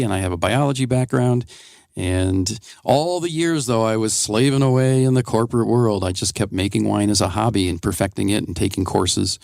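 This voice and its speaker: A man's voice: fairly low pitch, vocal fry, darkish tone, no room sound. A man in his sixties from Wisconsin, a guest winemaker chatting wryly and telling rambling stories in a radio studio interview. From Wisconsin, USA. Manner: chatty, wry, rambling anecdotes. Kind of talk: casual radio interview storytelling.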